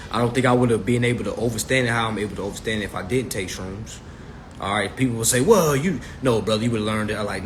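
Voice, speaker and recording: A man's voice: mid-range voice, slight background noise. A man hosting a casual livestream, talking straight to his viewers in a loose, swearing manner, recorded on a phone. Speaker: livestream host.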